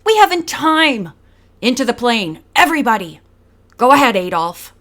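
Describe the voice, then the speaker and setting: A woman's voice: medium pitch, animated, slow pace, a bit bright. A woman voicing a bossy, harsh gang leader woman in an audiobook, barking her orders. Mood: commanding. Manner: barking, commanding.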